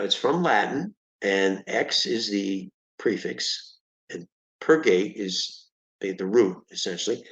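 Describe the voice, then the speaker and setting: A man's voice: lowish voice, roomy sound, low-quality recording. A man tutoring a student in vocabulary, patiently explaining each word with examples and often checking in with "okay?". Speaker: reading tutor. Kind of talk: one-on-one vocabulary lesson.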